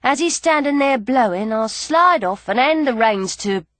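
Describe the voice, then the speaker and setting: A woman narrating a novel in the first person with a playful, lively storytelling manner. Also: on the high side, measured pace, no room sound. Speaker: audiobook narrator.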